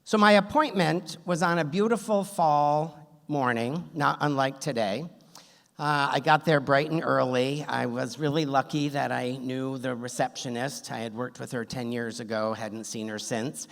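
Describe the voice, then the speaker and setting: A male storyteller on stage, wry and self-deprecating, timing his jokes for a live crowd. His voice sits in a middle pitch through a stage mic, with long hall reverb behind it. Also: fairly even intonation, normal speed, gravelly, fairly bright tone. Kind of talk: live story slam telling.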